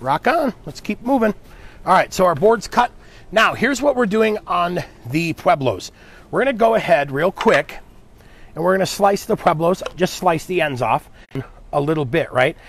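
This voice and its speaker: Upbeat chef with a gravelly voice. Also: male voice, sits high, lively intonation, moderate pace, fairly bright tone, a little hiss or hum. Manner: upbeat, chatty, talks to viewers and helper. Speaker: chef hosting a live cooking demo. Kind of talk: live cooking stream, casual chat.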